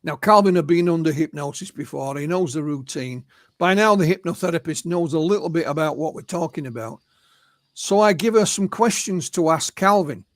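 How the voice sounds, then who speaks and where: A man's voice: on the high side, normal speed, dry recording, studio quality. A man with an English accent, a guest UFO researcher, telling witness accounts in a storytelling way and often adding "you know". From England. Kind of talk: anecdotal storytelling in an interview.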